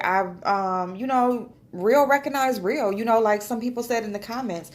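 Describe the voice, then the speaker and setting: A woman's voice: medium pitch, brisk, hardly any pauses, darkish tone. Lady rambling to her phone at home, cusses a lot, gets teary, laughs it off. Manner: chatty, loose and emotional, swearing often, laughing. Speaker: vlogger. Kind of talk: casual chat to camera. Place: at home, indoors.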